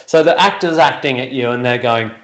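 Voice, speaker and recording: A man's voice: mid-range voice, a little fast, fairly bright tone, roomy sound, dull audio. A man chatting casually on a video call about acting and writing, rambling and correcting himself as he acts out quotes. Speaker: guest actor and writer.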